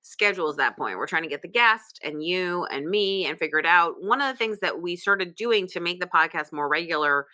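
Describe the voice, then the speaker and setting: A woman host talks in a low, bright voice with a forceful edge. She chats casually and wanders into asides. The sound is close and dry, picked up by a computer mic. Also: animated, a little fast, few pauses, dry recording. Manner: chatty and digressive, full of asides. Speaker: podcast host. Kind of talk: casual chat. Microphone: computer microphone.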